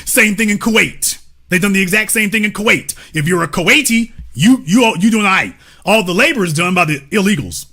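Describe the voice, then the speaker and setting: A man's voice: sits high, lively intonation, a little fast, pushed and bright, breathy edge. A man hosting a livestream, giving emphatic, profane opinion commentary and talking straight to his chat. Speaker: livestream host.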